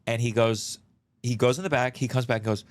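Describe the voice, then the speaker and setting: A man in casual podcast chat, spinning a comic story at an easy pace. He acts out quoted lines, drops the odd swear word, and talks in a middle-pitched voice. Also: brisk. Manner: animated anecdotes with acted-out quotes, some swearing. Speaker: comedian guest.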